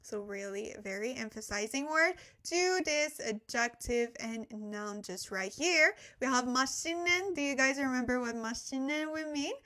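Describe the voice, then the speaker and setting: Her high, sharp voice has lively intonation and moves fairly quickly with few pauses. This young woman, not a native English speaker, teaches a relaxed live-streamed language lesson at a desk microphone, laughing often as she reads the chat.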